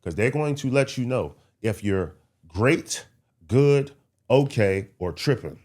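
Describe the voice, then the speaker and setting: A man from the Baltimore and DC area, a comedian guest telling his story in a casual podcast chat, animated and slipping into quick city impressions. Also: mid-range voice.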